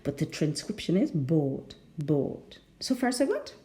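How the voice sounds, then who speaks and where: A woman's voice: a little high, huge pitch swings, brisk, darkish tone. A woman with a rhotic English accent teaching a pronunciation lesson, patient and often checking in with the learners.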